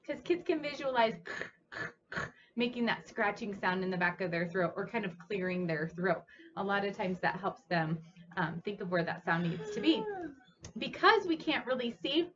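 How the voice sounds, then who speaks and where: A woman's voice: a little high, fairly bright tone, muffled recording. A woman speech therapist demonstrating speech sounds, speaking patiently and encouragingly as she coaches a child. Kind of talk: instructional demonstration.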